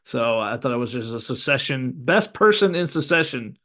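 A man's voice: medium pitch, expressive, moderate pace, pushed and bright. A man co-hosting a casual sports podcast, chatting in a wry, curious and joking way. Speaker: podcast co-host.

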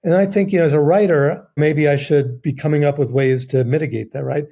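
Husky, mellow man with wry asides. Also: fairly high pitch, fairly even intonation, fairly quick. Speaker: writer on a film panel. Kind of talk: casual film discussion.

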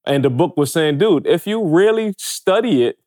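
A man co-hosting a podcast, quickly explaining ideas from a book in casual chat. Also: a little high, lively intonation, dark tone, no echo, studio quality. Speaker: podcast co-host.

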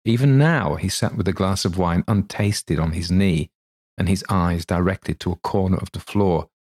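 A man narrating a classic story for a podcast in a measured, even way. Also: low-pitched.

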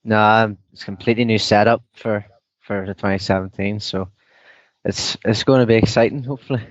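Young Northern Irish man, soft-spoken interview guest, lowish voice, dull remote-line sound. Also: steady tone, fairly quick, no room sound. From Northern Ireland. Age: young adult. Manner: softly spoken, laughs easily. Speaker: guest, downhill mountain bike racer. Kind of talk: casual interview chat.

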